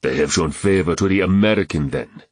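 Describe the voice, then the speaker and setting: Guy doing a stern old chief in an audiobook, commanding and slow, dry close sound. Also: deep voice, no room sound. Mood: menacing. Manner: commanding, measured. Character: proud, menacing older male village chief.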